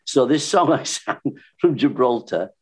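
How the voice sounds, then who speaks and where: An older man, a singer and entertainer, reminiscing in casual chat with animated, laughing anecdotes. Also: mid-range voice, measured pace, husky. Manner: anecdotal, animated, laughs while telling stories.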